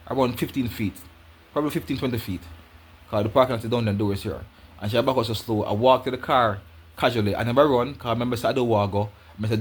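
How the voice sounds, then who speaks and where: Husky Jamaican man telling a story. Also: mid-range voice. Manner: rambling, repeats himself, talks in Jamaican patois. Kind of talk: casual personal storytelling.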